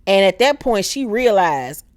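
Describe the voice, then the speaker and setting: Animated woman recapping a TV show. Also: medium pitch, measured pace, no room sound, clean studio sound. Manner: animated, acts out characters in exaggerated voices. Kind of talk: casual profane TV recap.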